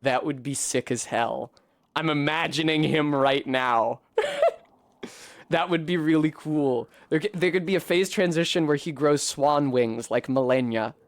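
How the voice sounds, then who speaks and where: A man's voice: fairly high pitch, unhurried, no room sound. A streamer talking through a boss fight, swearing and grumbling at the game as he plays. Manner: swears often, frustrated outbursts at the boss. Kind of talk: casual gameplay commentary. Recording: game music behind the voice.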